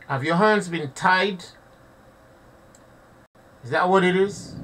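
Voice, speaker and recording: A man's voice: fairly high pitch, pushed and bright, far from the mic, a little hiss or hum. A man giving impassioned live commentary to his audience, preaching and repeating himself, often calling listeners family. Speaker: online preacher.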